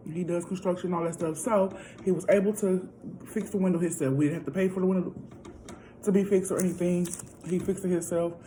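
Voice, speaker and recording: Woman vlogger, casual storytime at home, warm mellow tone, faint room hum. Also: on the low side, fairly quick, rough recording. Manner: chatty, animated, addresses viewers directly. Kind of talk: casual storytime while eating.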